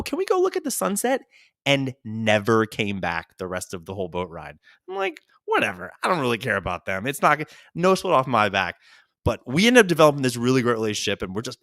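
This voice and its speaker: A man with a New York accent tells rambling, self-deprecating stories from a trip. His pitch leaps around as he jumps in and out of quick impressions. The sound is close and dry, with no room around it. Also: a bit bright, no echo. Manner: rambling, self-mocking anecdotes with quick voiced asides. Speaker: podcast host. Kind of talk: solo comedic storytelling.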